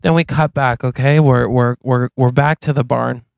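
A man's voice: mid-range voice, gravelly, smooth, dry recording. A man co-hosting a podcast, animatedly narrating an improvised comic movie plot. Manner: animated, acts out lines, quick asides. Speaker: podcast co-host.

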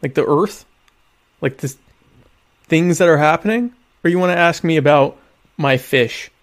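A man hosting a casual live stream, rambling and interrupting himself, with deadpan, mock-pompous humor. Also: on the high side, a little slow. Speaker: live show host.

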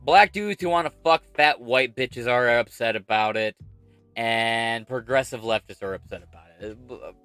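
A man's voice: medium pitch, normal speed, fairly bright tone, clean tone, dry recording, faint music behind. A man hosting political commentary, reading an article aloud and ranting over it with heavy swearing and sarcasm.

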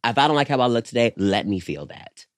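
A man's voice: mid-range voice, fast, very noisy. A man co-hosting a casual podcast, talking animatedly and swearing often as he chats with a friend. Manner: animated, swears often, calls people girl. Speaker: podcast co-host. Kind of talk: casual chat.

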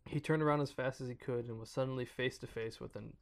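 Gravelly man reading a horror story. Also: medium pitch, fairly even intonation, fast. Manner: stumbles over words and breaks off to joke. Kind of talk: casual reading of a creepypasta.

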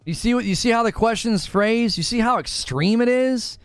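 A man's voice: extremely high pitch, moderate pace, smooth, no echo, soft background music. A man streaming live, answering chat in a sarcastic, incredulous and emphatic way. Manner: animated, emphatic. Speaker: gaming streamer. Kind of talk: live commentary reading chat.

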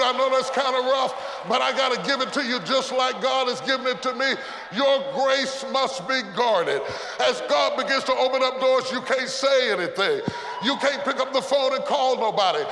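A man delivering a sermon as a pastor, shouting refrains and calling on the congregation to repeat after him. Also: extremely high pitch. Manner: preaching with shouted refrains and call-and-response. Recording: echoey hall with background noise.

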